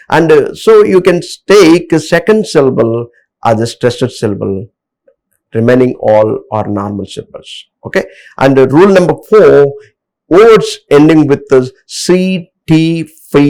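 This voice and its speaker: A man's voice: medium pitch, a little mellow, poor audio. A man from India teaching an English lesson, explaining rules step by step with frequent fillers and restarts. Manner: hesitant, many fillers, explains over slides. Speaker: English lecturer. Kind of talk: classroom lecture on word stress.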